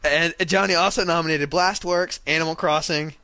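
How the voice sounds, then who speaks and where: A man's voice: a little high, steady tone, normal speed, sharp tone, dry recording. A man co-hosting a casual podcast, teasing his co-host and laughing easily. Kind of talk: casual chat.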